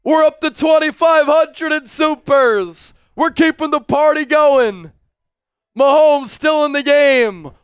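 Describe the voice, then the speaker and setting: A man hosting a live sports stream, excitedly calling the game and reading out viewer donations between fan chants. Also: very high voice, creaky, smooth, dry recording, clean studio sound. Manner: chanting and shouting fan cheers.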